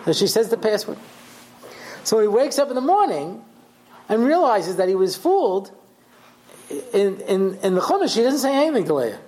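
A man's voice: sits high, big pitch swings, normal speed, long pauses, darkish tone, poor audio. A man, a rabbi, teaching a class in a conversational storytelling way, often checking in with his listeners. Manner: conversational, tells stories acting out the voices, checks in with "yeah?". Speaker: rabbi giving a Torah class. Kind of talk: lecture with storytelling.

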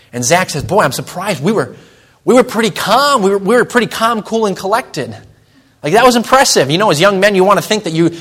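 A young male pastor delivers a sermon to his congregation in a church. His voice sits a little high, and he tells a story earnestly before slowing down to stress each point. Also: fairly bright tone. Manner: earnest storytelling, slows and presses on key lines.

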